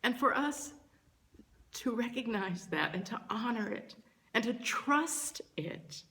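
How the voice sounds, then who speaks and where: Slow, gentle older woman teacher. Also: fairly high pitch, expressive. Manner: gentle, earnest, pausing often between phrases. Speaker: spiritual teacher. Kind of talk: slow reflective spiritual talk.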